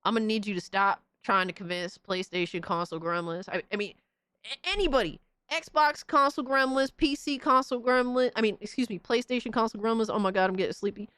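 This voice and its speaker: A woman's voice: medium pitch, fast talker, a bit bright, clean tone, no room sound. A woman hosting a podcast, giving a profane, mocking, repetitive gaming rant in casual talk. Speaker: podcast host.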